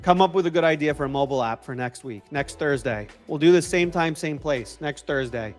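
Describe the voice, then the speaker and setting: A man's voice: fairly high pitch, fairly quick, faint music behind. Upbeat man with a New York–Boston accent. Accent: mixed New York and Boston. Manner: upbeat, repeats phrases, answers chat comments. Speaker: livestream host. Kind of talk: casual livestream chat while coding.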